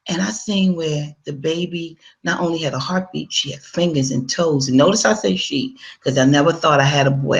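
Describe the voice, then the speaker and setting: Speaking in a voice that sits low, a woman shares her personal testimony as a conversational story aimed right at her audience, voicing the lines she once said.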